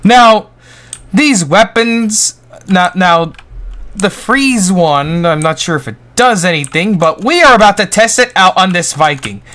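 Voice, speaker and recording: A man's voice: high voice, measured pace. A young man casually walking viewers through a video game, rambling and goofy. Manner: goofy, rambling, excitable outbursts. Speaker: gaming YouTuber. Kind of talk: Roblox gameplay tutorial commentary.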